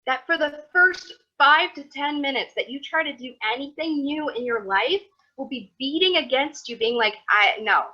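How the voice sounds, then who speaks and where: Teacher: woman, 30s, chatty and animated, bright voice, dull lo-fi recording. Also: high-pitched, normal speed. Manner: animated, chatty, acts out quotes. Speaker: Torah teacher. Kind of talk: motivational class. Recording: dull lo-fi sound.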